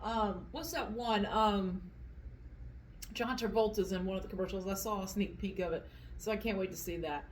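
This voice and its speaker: A woman's voice: mid-range voice, moderate pace, slight background noise, low-quality recording. A woman hosting a casual eating vlog, chatting in a rambling way with fillers while she eats at home. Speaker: vlog host. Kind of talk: casual chat at the dinner table.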